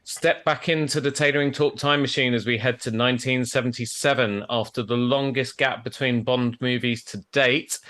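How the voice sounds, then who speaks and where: A man hosts a relaxed podcast over a video call. His voice sits in a middle register, and he talks in a chatty way and laughs easily between scripted bits. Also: mid-range voice. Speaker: podcast host and tailor. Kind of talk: casual podcast chat.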